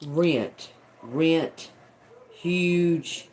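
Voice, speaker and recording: A woman's voice: deep voice, drawn-out words, a little mellow, slight background noise. A woman streaming live as a psychic reader, muttering single words over and over, puzzled and swearing at what she hears. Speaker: tarot and oracle live streamer.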